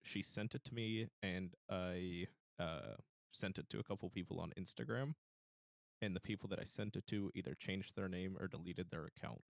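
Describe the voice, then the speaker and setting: A young man telling a story in a casual podcast chat, halting with many fillers and restarts. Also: low voice, gravelly, no room sound, clean studio sound. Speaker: podcast guest.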